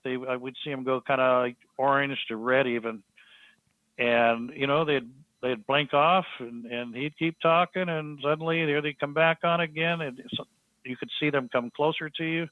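A man telling a story as a podcast guest, halting with frequent restarts and fillers. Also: mid-range voice, no room sound. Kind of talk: storytelling in casual conversation. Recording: tinny phone-line sound, dry.

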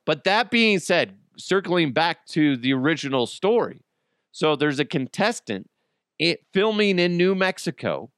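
A man's voice: on the high side, a bit bright, clean tone, no room sound, clean studio sound. A man hosting a casual comedy podcast, mocking news stories with crude jokes and frequent laughter. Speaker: podcast host.

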